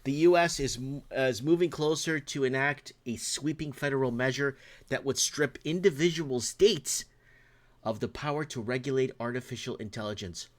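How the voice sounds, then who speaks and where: A Canadian man hosting a solo livestream, reading news items aloud and then breaking into excited, opinionated rants to his viewers in a room indoors. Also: medium pitch. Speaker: show host.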